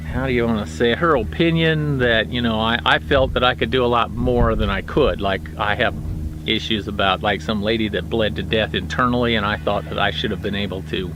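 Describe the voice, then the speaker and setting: Blunt, halting middle-aged man. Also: mid-range voice. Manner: plainspoken, blunt, halting with many fillers. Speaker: retired federal prison officer. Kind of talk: casual storytelling monologue.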